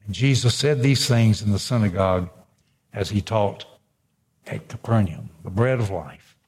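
A man's voice: lowish voice, normal speed, a little mellow, slightly rough. A man preaching a sermon, reading scripture aloud and breaking in with emphatic asides. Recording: long hall reverb.

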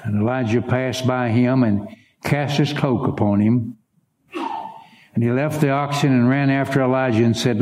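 A man's voice: warm tone, roomy sound. A man preaching a sermon, reading scripture dramatically and turning aside to speak to his congregation. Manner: dramatic reading with wide swings in pitch. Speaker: pastor.

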